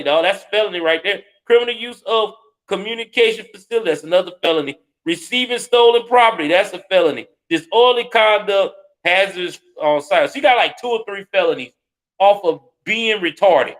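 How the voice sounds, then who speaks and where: Host, male, high-pitched, profane and scornful ranting with sudden loud spikes. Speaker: commentary show host. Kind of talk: heated live reaction commentary.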